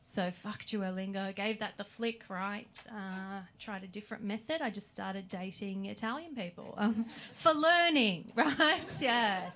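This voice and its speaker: A woman's voice: medium pitch, a little slow, hardly any pauses, a bit bright. A young woman doing a stand-up set in a comedy club, brash and sweary, tossing "right?" into every bit. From Australia. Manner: brash, sweary punchlines with frequent "right?" asides. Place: comedy club stage with audience.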